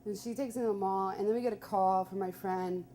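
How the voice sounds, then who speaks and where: A young woman telling a personal story live, chatty and animated, full of "like". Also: mid-range voice, quick pace, slight background noise.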